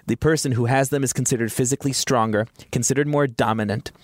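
A man's voice: medium pitch, fairly even intonation, fast, no room sound. Wry man explaining science, dry mic. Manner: informative, wry. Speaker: science editor. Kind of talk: explaining studies in conversation.

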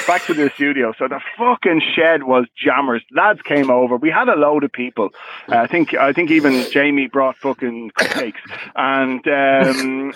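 A man's voice: medium pitch, fairly bright tone, rough recording. An Irish man telling a rambling, sweary story in casual chat with friends. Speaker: podcast co-host.

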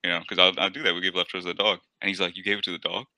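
A man with a deep, resonant radio voice, telling parenting stories in a laid-back, casual chat as a podcast guest. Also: level tone, racing, pushed and bright, dry recording, rough recording.

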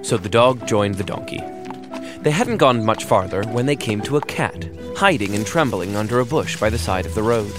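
A man narrating a fairy tale for children in a lively, wry storytelling manner. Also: lowish voice, normal speed, music in the background.

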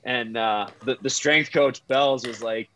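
A man who is a retired hockey player, telling locker-room stories in a casual, halting way with frequent laughs. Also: medium pitch, a bit bright, slight background noise. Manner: laughing, halting storyteller with restarts. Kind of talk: casual storytelling chat.

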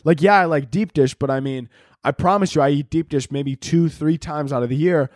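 A man from the Chicago area talks through a solo podcast in a loose, rambling monologue. He swears freely and fills his sentences with "like" and "you know." His voice sits fairly high and sounds dry and close to the mic. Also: brisk, darkish tone, no room sound. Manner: profane, rambling, filler-heavy. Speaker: podcast host.

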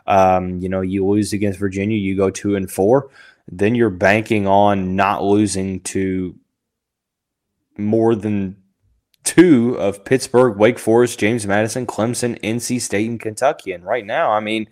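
A man's voice: on the low side, steady tone, a little slow, darkish tone. Man hosting a casual sports podcast. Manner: thinking aloud with many fillers and restarts. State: has the hiccups.

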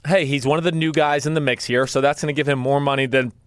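A man's voice: medium pitch, fairly even intonation, quick pace, clean tone, no room sound, clean studio sound. A man co-hosting a sports podcast, talking in a loose, chatty way and laughing easily. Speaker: podcast co-host. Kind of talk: casual sports talk.

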